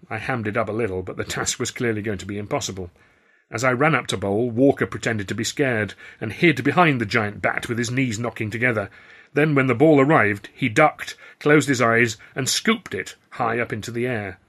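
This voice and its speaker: A man's voice: medium pitch, moderate pace, fairly bright tone. A man reading his own novel aloud in first person, with a dry, wry storytelling manner. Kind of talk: first-person audiobook narration.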